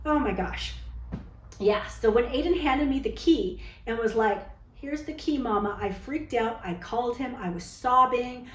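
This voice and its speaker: A woman's voice: fairly high pitch, measured pace, reverberant, poor audio. A woman vlogger telling a personal story to camera in a candid, dramatic, chatty way, often tagging her lines with "okay?". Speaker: vlogger telling dating stories.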